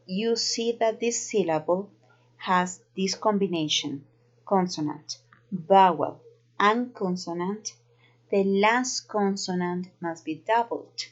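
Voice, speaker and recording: A woman with a Colombian Spanish accent, a native Spanish speaker, teaching an English grammar lesson slowly and carefully. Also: lowish voice. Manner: slow, careful explaining. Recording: dull lo-fi recording.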